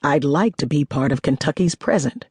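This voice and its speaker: Lady voicing a blunt annoyed guy in an audiobook, low husky voice, dry sound. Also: animated, moderate pace, a little mellow, dry recording. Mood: wary. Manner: blunt, exasperated. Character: determined male whiskey collector, blunt.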